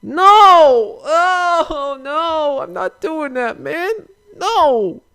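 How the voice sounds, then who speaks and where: A man putting on the high, whining voice of a childish male rapper refusing to grow up. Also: lively intonation, extremely slow, sharp tone, exaggerated voice. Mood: whiny refusal.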